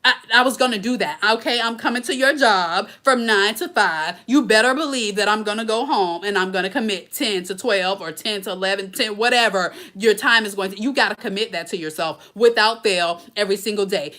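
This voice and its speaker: Bright-voiced chatty woman streaming live. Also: medium pitch. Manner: chatty, emphatic, talks straight to viewers. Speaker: blogger hosting a live Q&A. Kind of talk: casual live-stream chat.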